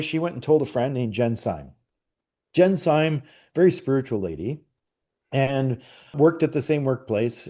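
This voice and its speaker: A middle-aged man with a mellow, relaxed voice of ordinary pitch tells a story as a podcast guest. He rambles, circling back with "and so anyway" and frequent fillers and restarts. The talk is casual and conversational. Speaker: podcast guest, psychic medium.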